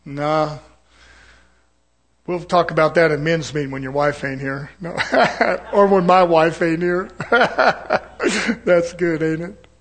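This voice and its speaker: A man preaching a folksy sermon, mixing jokes and laughter with scripture and swinging from soft asides to loud, fervent preaching. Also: a little high, takes it slowly, long pauses. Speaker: pastor.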